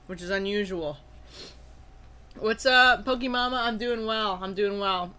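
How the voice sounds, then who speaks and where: A young adult live-stream host chatting casually with viewers, greeting them by name and bursting into loud excitement, a little sneezy from allergies. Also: medium pitch, unhurried, pauses often, smooth. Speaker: live-stream host opening trading cards.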